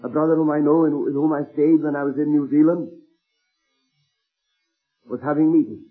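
A man delivers a sermon in a husky voice, earnestly retelling anecdotes and slowing down to stress key words. The recording is thin and phone-like, as if taken from an old sermon tape, with faint music behind him. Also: a little high, fairly even intonation. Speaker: preacher. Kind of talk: sermon storytelling.

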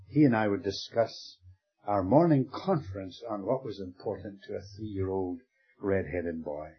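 An older man preaches a sermon in a very husky, breathy, lowish voice, using dramatic pauses and dropping to a near-whisper on key words. The recording sounds dull and lo-fi.

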